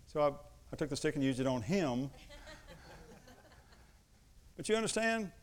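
A man's voice: a little high, expressive, normal speed, pauses often. Preaching man telling stories. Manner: storytelling, acts out voices of family members. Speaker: pastor. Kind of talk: sermon with personal stories.

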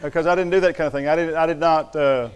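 A man's voice: on the high side, steady tone, fast talker, a faint crowd. A middle-aged man preaching a sermon, telling folksy stories with humor. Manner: folksy storytelling with humor and Southern address. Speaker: pastor.

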